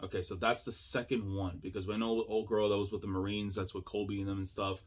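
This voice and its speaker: Excitable man reacting to a chapter. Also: fairly low pitch, quick pace. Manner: excitable, slangy, laughs often, thinks aloud. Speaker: manga reaction YouTuber. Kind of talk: casual reaction commentary.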